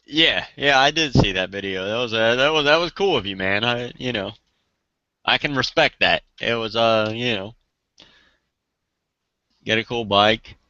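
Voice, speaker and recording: Man, casual chat host, joking and swearing, very bright clear voice, dry dull recording. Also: medium pitch, unhurried, long pauses, no echo. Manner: joking, swearing, laughs often. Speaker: channel host.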